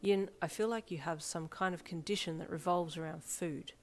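A woman's voice: lowish voice, steady tone, moderate pace, a little mellow, faint music behind, natural voice. A woman voicing a polite, earnest teenage boy who speaks in stiff, formal phrases in a fan fiction audiobook.

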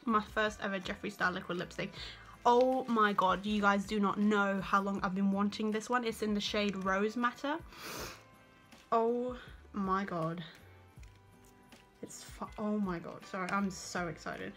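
A woman's voice: medium pitch, unhurried. Gushing young woman unboxing makeup. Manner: excitable, gushing, lots of exclamations. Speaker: beauty vlogger. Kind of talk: casual vlog chat. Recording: music playing under the voice.

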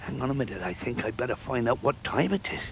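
An older man telling a children's story in an animated, playful way, with sound effects. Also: medium pitch, quick pace, slight background noise, poor audio.

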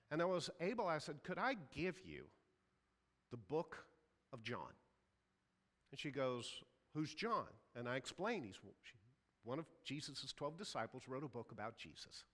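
A man's voice: a little high, big pitch swings, normal speed, pauses often, fairly bright tone, long reverb tail. A man preaching a sermon as a pastor, telling a story and acting out the people in it. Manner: storytelling, acts out quoted voices. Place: church sanctuary.

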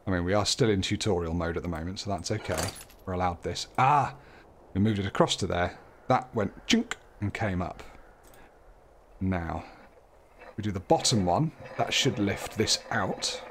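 A man's voice: low voice, moderate pace, pauses often, a little hiss or hum. A man hosting a casual let's play, chatting along and reading on-screen text aloud with light jokes. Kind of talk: casual gameplay commentary. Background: game music.

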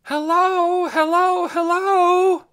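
A man voicing a tired young man in an audiobook, shouting into the hills for a lost friend. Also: very high voice, little pitch movement, very slow, voice pushed up, full character voice. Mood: calling out.

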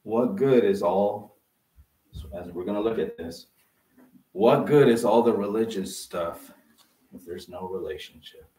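Low-voiced man preaching in a roomy church. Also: measured pace, dark tone. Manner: interactive preaching, prompting the congregation to fill in words. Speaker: pastor. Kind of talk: sermon. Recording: roomy sound from a distant mic.

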